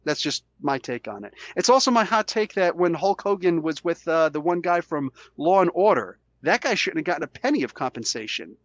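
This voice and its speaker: Man, podcast host, sick with a cold, animated, argumentative, slightly high voice, dry close sound. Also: brisk, hardly any pauses, no room sound. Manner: animated, argumentative, acts out quotes. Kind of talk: casual debate chat.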